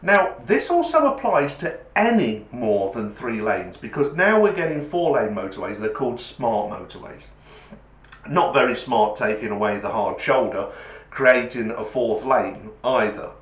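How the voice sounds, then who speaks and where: A man's voice: mid-range voice, sing-song, a little slow, reverberant. A man giving a casual, jokey vlog talk in a chatty storyteller's way. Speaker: vlogger. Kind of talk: casual monologue with a joke.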